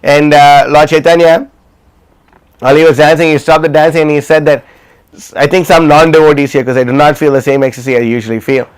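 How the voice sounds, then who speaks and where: Storytelling man with a smooth voice. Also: fairly high pitch, little pitch movement, brisk. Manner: retells stories with many fillers and restarts. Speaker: class speaker. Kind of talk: storytelling class talk. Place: livestreamed class.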